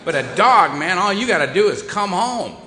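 Sitting high in pitch and sounding animated, a man moves at a moderate pace against a noisy background. He tells an audience his recovery story with humor, self-mockery and a wry, conversational feel, and the recording echoes like a hall.

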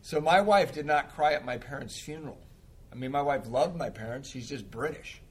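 A man's voice: mid-range voice, moderate pace, husky. A middle-aged man in recovery telling a personal anecdote in a wry, casual way, laughing often. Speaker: guest in recovery. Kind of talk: casual chat, storytelling.

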